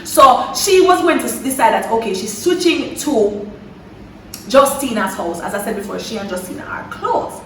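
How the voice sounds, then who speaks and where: A young woman from Jamaica with a Jamaican accent, telling a story in a lively, dramatic way with patois slipping in. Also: fairly high pitch, normal speed, roomy sound, distant mic, slight background noise, poor audio. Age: young adult. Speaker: vlogger. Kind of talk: storytime chat.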